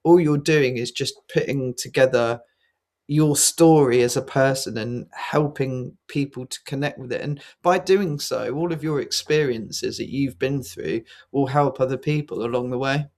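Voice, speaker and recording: A male podcast host who muses aloud in long, winding thoughts, peppered with "you know" and "like." His voice sits at an ordinary middle pitch, and the delivery stays relaxed and conversational. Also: moderate pace. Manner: reflective, rambling with many fillers. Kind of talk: casual conversation.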